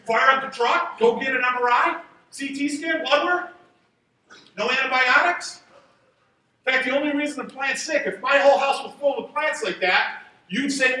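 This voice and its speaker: A man giving a motivational talk on stage to a live audience, going from fired-up shouts to hushed asides. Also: extremely high pitch, moderate pace. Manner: energetic, shouting at peaks, drops to a hushed aside. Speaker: chiropractor speaking at a seminar. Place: large event hall with an audience. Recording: roomy hall reverb, heard from a distance.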